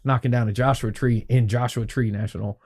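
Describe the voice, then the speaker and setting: A man telling a long, animated story as a podcast guest, swearing freely and acting out what people said. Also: mid-range voice, a little fast. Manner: animated, profanity-laced, acts out quoted dialogue. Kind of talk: casual storytelling.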